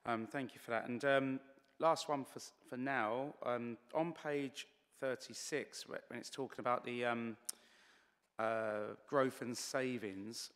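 A man's voice: medium pitch, steady tone, a little slow, fairly bright tone, big-room sound. A man questioning as a councillor at a committee meeting, hesitant and slightly losing his voice. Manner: hesitant, many fillers and restarts.

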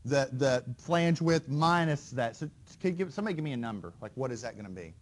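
A man's voice: mid-range voice, expressive, quick pace. Man lecturing, checking in with students. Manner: conversational, quizzes students with frequent "right?" and "okay?". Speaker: engineering lecturer. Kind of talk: university lecture. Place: lecture hall.

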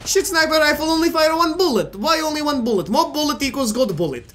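A man's voice: extremely high pitch, expressive, quick pace, a bit bright, a little hiss or hum, pitched above the performer's own voice. A man putting on a mock Russian accent as a blunt male gun enthusiast, speaking in clipped, broken grammar. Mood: boastful.

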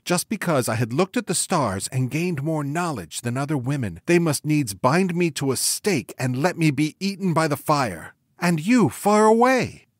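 A man's voice: on the high side, expressive, normal speed, few pauses, no echo, studio quality, voice pushed up. A man reading aloud, voicing the tender, mournful ghost of a young woman burned as a witch. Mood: mournful pleading. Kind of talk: audiobook reading.

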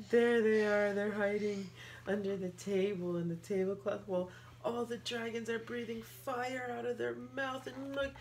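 A woman reading a picture book aloud to a child, playful, with gasps and excited outbursts. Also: on the high side, a little hiss or hum. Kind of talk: animated read-aloud storytelling.

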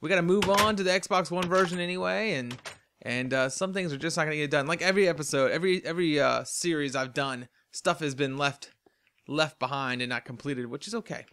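A man's voice: on the high side, a little fast, fairly bright tone, clean tone. A tired man hosting a game let's play, rambling chattily to himself in casual commentary as he plays. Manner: rambling, chatty, talks to himself while playing. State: tired and yawning.

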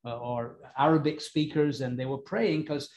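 A man's voice: medium pitch, steady tone, moderate pace, a little mellow. A man preaching a Bible sermon in a chatty way, often asking his listeners questions. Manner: conversational, asks the congregation questions. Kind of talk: expository sermon.

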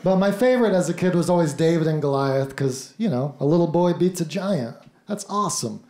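A man doing stand-up, delivering dry, deadpan punchlines with mock-earnest asides. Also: a little high, brisk. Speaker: stand-up comedian. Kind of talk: stand-up set. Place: comedy club stage before a laughing crowd. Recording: echoey, noisy live club recording.

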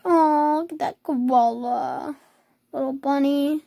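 A young woman with a hoarse voice chatting casually as she scrolls through pictures, cooing over the cute ones. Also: high-pitched, slow pace, dark tone, no echo. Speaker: vlogger. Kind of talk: casual screen tour.

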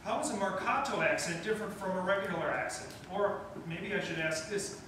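A high-pitched male clinician, talking a little fast, works with a wind band during rehearsal, posing questions and cheering the players on. The recording is distant and echoey, made in the rehearsal room.

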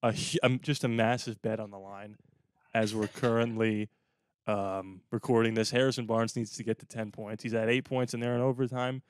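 Smooth-voiced male podcast host. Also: fairly low pitch, level tone, brisk, no room sound, studio quality. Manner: jokey, breaks into a mock radio voice. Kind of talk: casual sports podcast chat.

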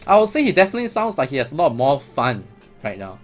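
A man's voice: a little high, very animated, fast talker, faint music behind. A man giving casual, chatty commentary as a gaming vlogger, laughing often.

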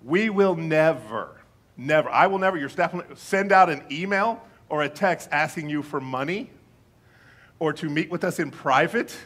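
Male pastor, higher-pitched husky voice, animated conversational sermon. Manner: conversational, animated, swings from loud emphasis to quiet asides.

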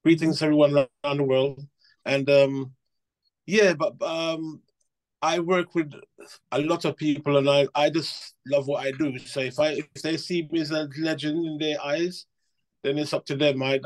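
A Cockney man speaks as a guest on a podcast. His voice is somewhat high and stays flat in pitch. His answers come out modest and hesitant. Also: moderate pace. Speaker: guest musician. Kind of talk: casual interview answers.

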